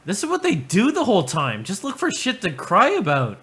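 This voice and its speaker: A man's voice: sits high, huge pitch swings, brisk, a bit bright. A man hosting a livestream, commenting casually with profane, sarcastic remarks. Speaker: livestream host.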